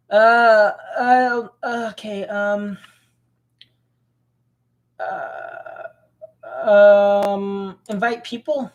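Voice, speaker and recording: A young male vlogger clicks around his computer talking to himself in rambling screen-recording commentary, mumbling and grumbling at what he finds. His high-pitched voice keeps a steady tone, very slow with frequent pauses.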